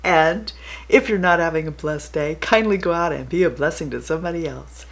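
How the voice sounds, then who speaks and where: A woman's voice: low voice, fairly quick. A woman hosting a casual get-ready-with-me makeup vlog, playful and giggly with jokey asides. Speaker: beauty vlogger host.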